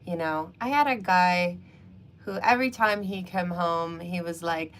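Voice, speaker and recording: A woman's voice: lowish voice, measured pace, fairly bright tone. A woman hosting a casual livestream chat, talking through her views with lots of fillers and frequent laughter. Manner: chatty, laughs often, many fillers. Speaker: livestream host.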